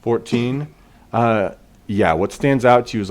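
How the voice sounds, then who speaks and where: A man narrating as game master in a relaxed way, with frequent fillers. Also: mid-range voice, a little slow.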